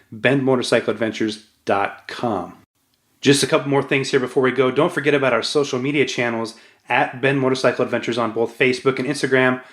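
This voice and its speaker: Upbeat male podcast host doing plugs. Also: mid-range voice. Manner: upbeat, promotional, direct to listeners. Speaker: podcast host, motorcycle tour operator. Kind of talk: podcast outro and sponsor read.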